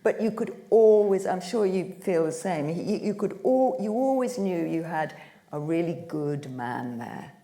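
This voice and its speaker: A woman with a very low, mellow voice speaks on a panel. She talks earnestly and reflectively, often pausing to find the right words. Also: lively intonation. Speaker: panel guest.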